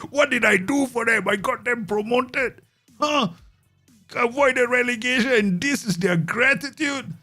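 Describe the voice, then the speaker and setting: A man voicing an indignant, spurned football manager in a mock-outraged high voice. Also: very slow, long pauses, mellow, soft background music, exaggerated voice.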